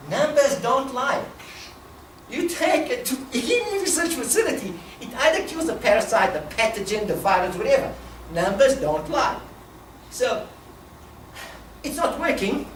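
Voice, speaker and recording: Animated woman speaking in a room. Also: fairly high pitch, a little hiss or hum. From South Africa. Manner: animated, emphatic, laughs often. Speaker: speaker at a talk. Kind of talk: passionate public talk. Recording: echoey room, distant mic, faint ambience.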